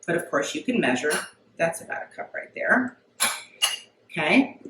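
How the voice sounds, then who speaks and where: A woman's voice: fairly low pitch, big pitch swings, moderate pace, reverberant, distant mic, noisy background. A middle-aged woman chatting casually as she demonstrates a recipe at home, folksy and talkative. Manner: chatty, folksy, says okay often. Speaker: home cooking vlogger. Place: home kitchen.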